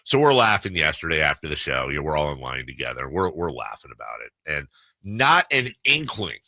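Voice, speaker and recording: Man, radio host, casual rambling story, lively pitch, dry studio. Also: fairly quick, creaky, no room sound. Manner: rambling, animated storytelling with restarts.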